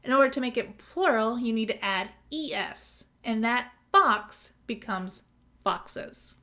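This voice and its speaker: A woman's voice: fairly high pitch, expressive, slow pace, pushed and bright. Methodical woman tutor spelling words out. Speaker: nursing exam tutor. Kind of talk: scripted lesson.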